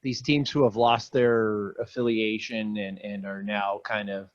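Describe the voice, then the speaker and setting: A man's voice: fairly low pitch, flat delivery, a little slow. A man co-hosting a podcast, asking a question in a hesitant way. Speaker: podcast co-host. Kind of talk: casual podcast chat. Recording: dull lo-fi sound.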